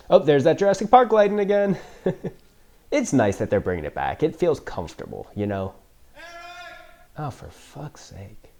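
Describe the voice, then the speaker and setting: A man riffing through a film he has never seen, with a mellow, low-toned voice that swings up and down a lot. He jokes, swears freely and laughs often. It is casual reaction commentary with dry sarcasm. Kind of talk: casual first-time movie reaction commentary.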